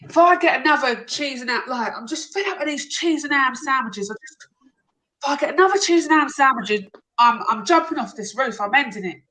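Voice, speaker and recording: A woman's voice: high-pitched, animated, brisk, bright, forceful tone, voice pushed up, poor audio. A woman voicing an English builder fed up with his sandwiches, in a told joke.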